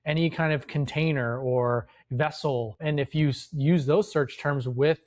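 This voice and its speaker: A man co-hosting a casual podcast as an inventor coach, explaining advice in a steady way. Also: a little high, unhurried. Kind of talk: casual chat.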